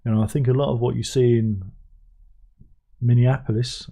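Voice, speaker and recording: A man's voice: mid-range voice, level tone, moderate pace, vocal fry, pauses often, warm tone. A man hosting a casual livestream chat, rambling and sardonic, often restarting his sentences. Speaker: livestream host.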